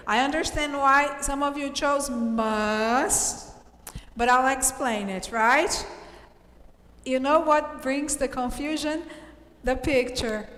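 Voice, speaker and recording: A woman English teacher from Brazil reviewing a class quiz, explaining slowly and cheering her students on. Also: high-pitched, a bit bright. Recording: echoey room with long reverb.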